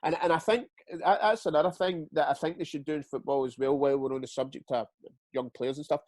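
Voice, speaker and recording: A man's voice: on the high side, steady tone, fast talker, darkish tone, dry recording. A Scottish man, a retired footballer, tells stories in a casual interview. He swears freely and often stumbles and repeats words. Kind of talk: casual storytelling chat.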